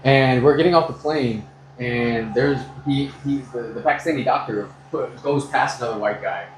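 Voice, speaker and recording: An American man chatting casually during a haircut, telling animated stories and swearing freely. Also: mid-range voice, normal speed, echoey room, noisy background. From United States. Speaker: customer getting a haircut. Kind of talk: casual chat, storytelling.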